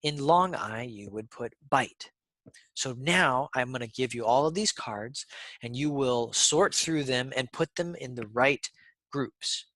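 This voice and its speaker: A man teaching a pronunciation lesson, speaking deliberately and repeating sounds for learners. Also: mid-range voice, a bit bright, no echo.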